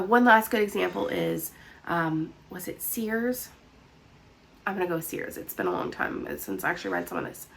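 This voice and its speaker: Woman vlogging, nasal stuffy voice, slightly high, rambly and earnest. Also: gravelly, a bit bright, poor audio. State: nasal, congested voice. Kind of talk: casual to-camera talk.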